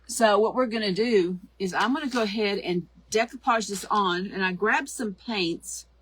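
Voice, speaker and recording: A hoarse middle-aged woman hosts a live craft tutorial, chatting and greeting viewers by name. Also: mid-range voice, moderate pace, fairly bright tone, a little hiss or hum. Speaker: craft show host.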